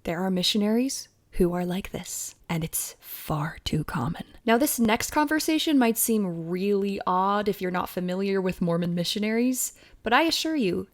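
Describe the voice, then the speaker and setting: A woman's voice: mid-range voice, lively intonation, normal speed. Chatty woman hosting a film review. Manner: chatty and wry, with laughs. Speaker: video host reviewing a film. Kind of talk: casual commentary.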